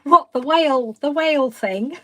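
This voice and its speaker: A woman hosts a craft channel live stream, chatting and rambling casually while laughing often. Her voice is high-pitched and her pace is moderate.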